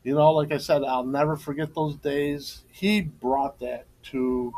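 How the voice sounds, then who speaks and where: A man's voice: fairly high pitch, fairly even intonation, unhurried, a little mellow, poor audio. A middle-aged man, co-host and former coach, telling stories in a casual podcast chat, laughing often and turning emotional in a tribute.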